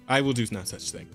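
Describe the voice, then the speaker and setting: A man's voice: medium pitch, a bit bright. A man co-hosting a podcast in casual chat, reading listener questions aloud with frequent laughs and swearing. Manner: laughing, swearing, quick asides. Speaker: podcast co-host.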